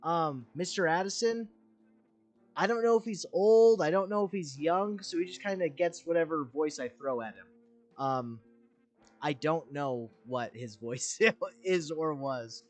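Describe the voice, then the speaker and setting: A young man chatting through a game stream in a rambling, candid way, full of fillers. His voice sits slightly high, and soft music plays faintly behind him. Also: a little slow. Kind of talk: casual gameplay commentary.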